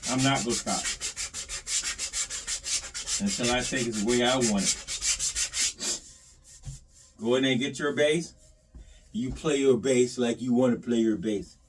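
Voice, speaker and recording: A man, chatting casually to viewers while he works on his bass. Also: a little slow, pauses often, distant mic. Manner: animated, talks to himself and the viewers while sanding. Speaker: bass modder. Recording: sanding noise, voice off-mic.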